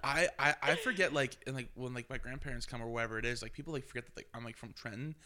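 A man's voice: mid-range voice, fast, bright, forceful tone. A young man from Pennsylvania hosting a podcast, chatting casually in a rambling, joking way, full of filler words. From Pennsylvania, USA. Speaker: podcast host. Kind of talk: casual chat.

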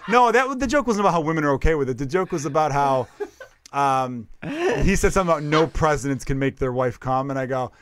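A man's voice: mid-range voice, a little fast, a bit bright, smooth. A man who is a comedian, hosting a casual podcast chat, rambling and swearing as he trips over his own sentences. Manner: rambling, profane, self-interrupting.

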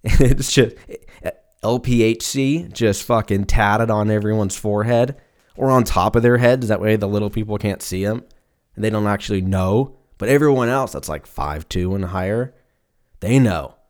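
A man's voice: lowish voice, moderate pace. A young man in his twenties hosting a solo comedy podcast, rambling through profane tangents. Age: 20s. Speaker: podcast host.

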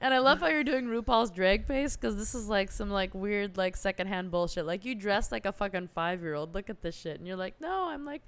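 A woman comedian co-hosting a casual podcast, sarcastic and quick with jokes. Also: medium pitch, a bit bright, clean tone. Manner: sarcastic, quick jokes, laughs at own lines. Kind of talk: casual comedic chat, roasting.

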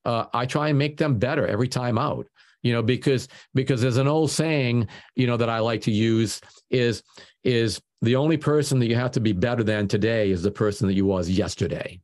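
A man speaking as a guest producer in a casual interview. His pitch sits in an ordinary middle range. He rambles and doubles back on words while he explains. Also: brisk, a little mellow. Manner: rambling, repeats words often as he thinks.

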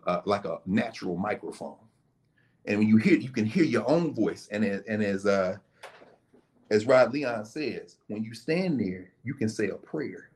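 A man, a guest, explaining in a casual way and telling it like a story, now and then acting out what people said. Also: mid-range voice. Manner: animated, storytelling, acts out quotes.

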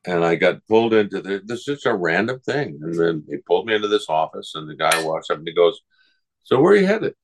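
A man's voice: sits low, fast, hardly any pauses. An older man, a guest voice actor, telling rambling anecdotes in a casual interview and acting out the people he quotes.

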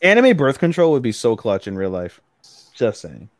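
A man's voice: mid-range voice, big pitch swings, moderate pace. A man co-hosting an anime podcast, recapping episodes in casual, rambling, profane chat. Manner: rambling, profane, acts out characters' lines mid-recap. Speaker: podcast co-host.

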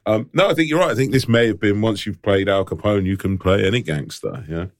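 Man, podcast co-host, deep voice, rambling casual chat, dry close sound. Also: animated, brisk, no echo. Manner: chatty, rambling, laughs often.

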